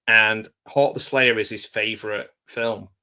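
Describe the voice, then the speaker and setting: A man with a soft South Manchester accent, chatting as a guest on a video call in a jokey, rambling way. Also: on the low side, fairly even intonation, measured pace, smooth. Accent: South Manchester English. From England. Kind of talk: casual video-call chat.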